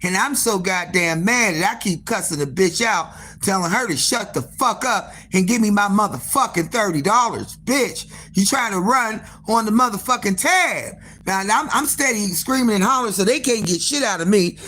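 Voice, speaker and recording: An animated woman spinning a story in casual, salty talk, swearing freely and turning to her listeners with asides. She acts out the dialogue, her voice jumping up high for the quoted lines. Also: normal speed, hardly any pauses, soft background music. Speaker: hair salon owner. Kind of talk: casual storytelling on a live stream.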